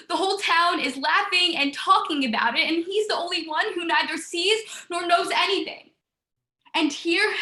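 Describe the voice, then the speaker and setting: A woman's voice: very high voice, pushed and bright, roomy sound. A young actress playing a despairing young woman, weary of her life, speaking in anguished, repeating words. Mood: bitter. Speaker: student actor. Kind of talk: stage drama monologue.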